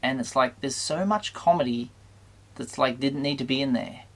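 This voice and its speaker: A man with a middle-pitched voice and a noticeably gravelly edge talks straight to his viewers. His delivery is casual and halting, full of restarts and mild exasperation. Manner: hesitant, halting, with many restarts; mildly exasperated, conflicted. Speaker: toy channel host reviewing a film. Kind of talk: casual spoken review to camera.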